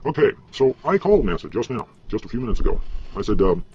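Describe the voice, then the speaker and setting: A man's voice: medium pitch, very animated, quick pace, darkish tone, breathy edge, highs cut off. A man ranting in a rambling vlog, frustrated and profane, stumbling over fillers, heard from a replayed clip. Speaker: vlogger.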